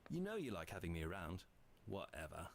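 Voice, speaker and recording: A laid-back young man in a story game, couch-surfing and easygoing. his voice is very low and swings around a lot, and he talks in a lazy, offhand way. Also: huge pitch swings, a little fast, a little hiss or hum, full character voice.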